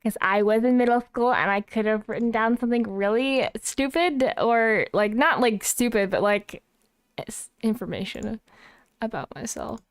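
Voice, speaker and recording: A woman's voice: fairly high pitch, normal speed, dry recording, studio quality. A young woman chatting casually on a livestream, flustered and self-mocking as she sets things up. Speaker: streamer.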